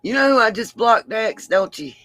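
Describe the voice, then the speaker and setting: A woman's voice: on the high side, animated, normal speed, fairly bright tone, no room sound, faint music behind. A woman hosting a livestream, chatting affectionately with viewers and laughing often, tired after a long stream. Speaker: livestream host. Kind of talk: casual livestream sign-off chat.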